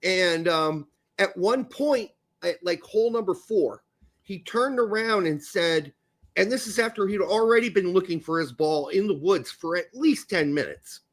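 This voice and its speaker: A man hosting a podcast, telling a story in a casual, animated and profane way. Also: normal speed. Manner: animated, profane, jumps into high voices. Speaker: podcast host.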